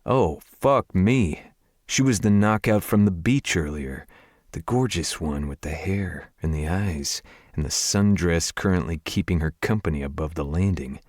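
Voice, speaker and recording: Deep-voiced man narrating a romance audiobook. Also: moderate pace, a little mellow, no echo, clean studio sound. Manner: wry, confiding inner monologue.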